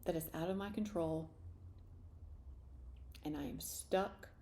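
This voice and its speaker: A woman leading a guided EFT tapping session, speaking slow, repetitive first-person statements for listeners to repeat. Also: low voice, creaky, warm tone, a little hiss or hum. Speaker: tapping practitioner.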